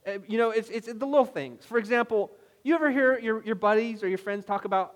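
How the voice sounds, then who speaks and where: A man preaching a sermon as pastor, telling stories in an animated way with mock-exasperated asides. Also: high voice, fast talker, hardly any pauses. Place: church hall. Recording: long hall reverb.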